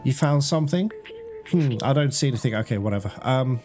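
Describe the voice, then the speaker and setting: A man's voice: medium pitch, animated, a little fast, a little mellow, faint music behind. A man giving casual let's-play commentary, chatting to his viewers, laughing and swearing often. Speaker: gaming streamer.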